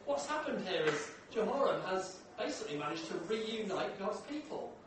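Man preaching, chatty and questioning, high voice, picked up from afar in a big echoey hall. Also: sing-song, normal speed, distant mic, slight background noise. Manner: conversational, asks the room questions. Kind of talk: sermon. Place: large echoey church hall.

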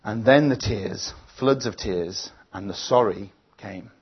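A man's voice: fairly low pitch, takes it slowly, slightly rough, dull audio. A man preaching a sermon, telling a family story in an earnest, reflective way before leading a prayer.

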